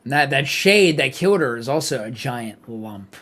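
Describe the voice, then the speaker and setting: Male streamer, lively pitch, husky voice, reading aloud, faint game music. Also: normal speed. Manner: animated, laughing asides, reads text aloud.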